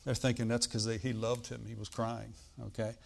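Animated male preacher reading scripture. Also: mid-range voice, normal speed, vocal fry. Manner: animated preaching, bursts loud on quoted lines then drops quiet; reads old-style scripture, asides with "all right?". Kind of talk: sermon, reading and explaining scripture.

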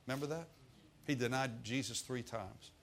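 A man's voice: mid-range voice, moderate pace, gravelly, fairly bright tone, a little hiss or hum. A male preacher with a drawl delivers a sermon in a folksy, joking manner. He tells the story with plenty of asides to the congregation.

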